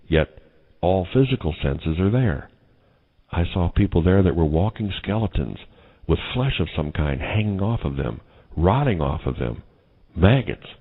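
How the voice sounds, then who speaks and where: Man, solemn testimony, extremely low voice, phone-like sound. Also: breathy edge. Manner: solemn, grave retelling of a vision. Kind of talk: testimony narration.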